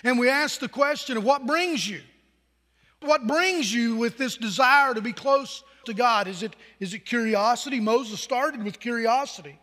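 A man's voice: very high-pitched, normal speed, pushed and bright, long reverb tail. A man pastor preaching a sermon in a conversational way, asking the congregation questions.

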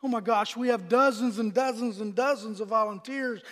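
A male pastor delivers an earnest, folksy sermon, often doubling back on his words. His voice sits very high for a man, and a long reverb trails each phrase through the sanctuary. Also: normal speed, fairly bright tone.

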